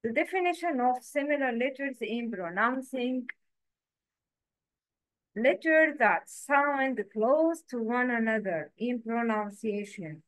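A woman's voice: a little high, lively intonation, slow, fairly bright tone, no room sound, rough recording. A woman teaching Arabic letter pronunciation in English, carefully spelling out each letter sound one by one. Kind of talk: slow, careful teaching with repeated example sounds.

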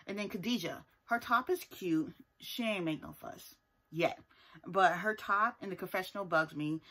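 A woman's voice: on the low side, moderate pace, pushed and bright. A woman giving a casual, sassy recap of a reality TV episode, driving her points home with emphatic asides. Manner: sassy and emphatic, often tags points with "okay?". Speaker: TV show reviewer.

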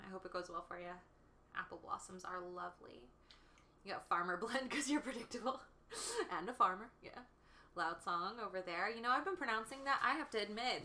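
A chatty woman in her thirties hosts a relaxed livestream from her home kitchen. Her voice is bright and clear, and she laughs easily while chatting with viewers. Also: medium pitch. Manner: bubbly, chatty, laughs often, reads viewer comments aloud. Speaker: livestream host and tea shop owner. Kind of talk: casual livestream chat with viewers.

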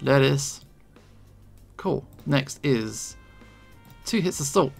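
A man giving casual gameplay commentary, relaxed and thinking aloud as he plays. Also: mid-range voice, drawn-out words, creaky, soft background music. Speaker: gaming video creator.

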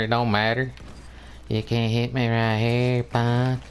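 A man's voice: fairly low pitch, a bit bright, slight background noise. A man giving drawling, exasperated commentary over a team shooter game, pleading with his teammates. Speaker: gamer. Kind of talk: gameplay commentary.

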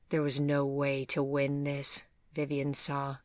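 A woman narrating a storybook audiobook in a measured, expressive way. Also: a bass voice, no echo, studio quality.

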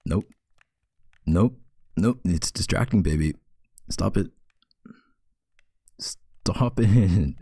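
A man in a whispered role-play, playing a teasing boyfriend. His voice is very low and gravelly, with a husky edge, and he talks slowly into a close, dry mic. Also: no echo. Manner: playful teasing, soft and intimate.

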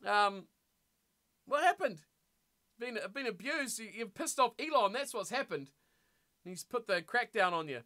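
A young man commentating a rugby video game live and chatting with viewers, excitable and laughing often. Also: high voice, normal speed. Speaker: game streamer.

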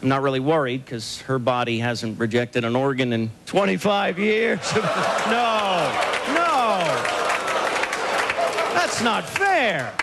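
A man performing a stand-up comedy set on a club stage, firing off deadpan one-liners with sudden loud outbursts. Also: on the high side, slow pace. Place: comedy club stage before a laughing audience. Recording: live club recording, loud crowd and noise.

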